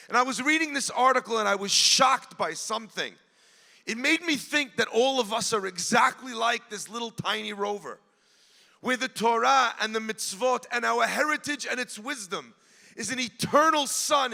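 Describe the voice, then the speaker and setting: Earnest rabbi, high gravelly voice. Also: male voice. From United States (New Jersey). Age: 40s. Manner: earnest, addresses the crowd directly, swells and drops to a hush. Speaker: rabbi giving a speech. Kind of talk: emotional sermon storytelling. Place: large event hall. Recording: long hall reverb.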